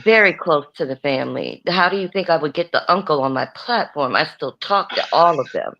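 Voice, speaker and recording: A woman's voice: sits low, expressive, fairly quick, gravelly, bright, forceful tone, dull audio. A woman speaking as an activist guest on a live-stream chat, outspoken and unapologetic.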